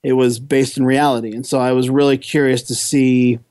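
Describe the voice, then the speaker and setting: A man's voice: mid-range voice, level tone, a little fast, darkish tone, no room sound. A man co-hosting a podcast, giving a casual, enthusiastic film review that rambles and restarts often.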